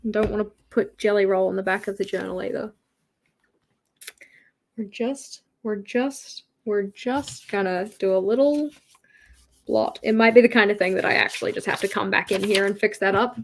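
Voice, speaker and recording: A woman's voice: medium pitch, moderate pace, creaky. A young woman hosting a journaling livestream, chatting casually and poking fun at herself as she works. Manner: chatty, self-mocking, talks to herself while working. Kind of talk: casual chat while crafting.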